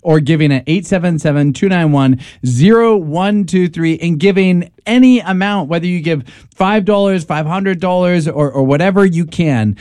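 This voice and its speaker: Earnest radio co-host, man, mellow voice. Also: a little high, no room sound. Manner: earnest, persuasive, quick with repetitions. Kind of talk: pledge drive radio appeal.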